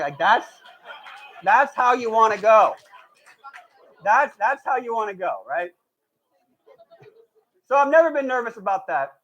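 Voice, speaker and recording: A man performing a stand-up comedy set in front of a live audience, telling stories with lots of energy, acting out the people in them and laughing at his own jokes. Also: sits high. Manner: animated storytelling, acts out quoted voices, laughs at own jokes. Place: live show before an audience.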